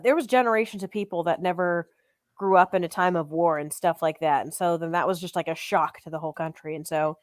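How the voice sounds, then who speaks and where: A woman's voice: lowish voice, fast talker, no room sound, clean studio sound. A woman in her thirties co-hosting a podcast, speaking earnestly and reassuringly to the chat. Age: 30s. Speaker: podcast co-host.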